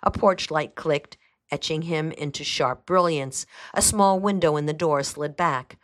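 A woman reading a detective novel aloud, steady and measured, then introducing the next reading. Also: low voice. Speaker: reader.

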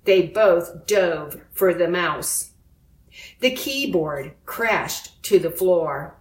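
A woman reading a children's storybook aloud in a slow, clear storytelling manner. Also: on the low side, expressive. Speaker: narrator. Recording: roomy echo.

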